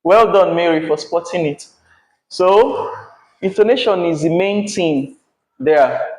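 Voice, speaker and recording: Brief: Nigerian English male teacher, slow and patient, higher pitch, echoey classroom. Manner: slow, patient, repeats key words. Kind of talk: classroom lesson.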